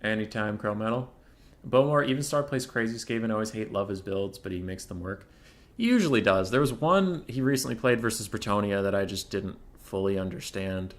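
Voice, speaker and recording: Speaking fairly quickly in a fairly low voice, a young man gives casual live-stream commentary on a competitive strategy game. He chats loosely about matchups, now and then launching into mock-furious rants.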